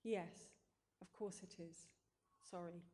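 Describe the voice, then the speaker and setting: A woman reading a storybook, voicing a tired, apologetic young mother who speaks softly. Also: on the low side, fairly even intonation, slow pace. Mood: weary.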